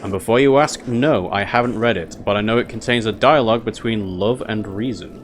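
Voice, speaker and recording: A man's voice: lowish voice, a little fast, a little hiss or hum, lightly acted. Man reading as a guarded convent librarian woman. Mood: measured.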